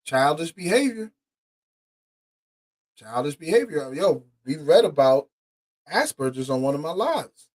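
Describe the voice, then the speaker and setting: A man hosting a podcast, angrily commenting on court documents he reads aloud, profane and indignant, stumbling over words and swinging from muttered asides to loud outbursts. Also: a little high, very animated, measured pace, pauses often. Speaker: podcast host.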